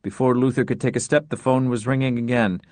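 A man narrating an audiobook in a wry, measured storytelling manner. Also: medium pitch, steady tone, a little mellow, no room sound. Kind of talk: scripted narration.

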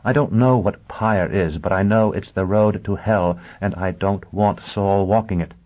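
A man voicing a bitter, proud young woman in an audiobook, speaking in a low, cutting, scornful way. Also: moderate pace, lightly acted. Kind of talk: audiobook character voice. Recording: tinny phone-like sound.

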